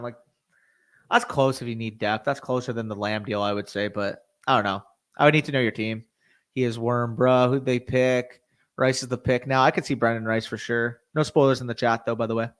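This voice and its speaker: Tired and hiccuping, a young streamer reacts to events and talks with his chat, swearing freely and getting heated. His voice is mid-range and a bit bright.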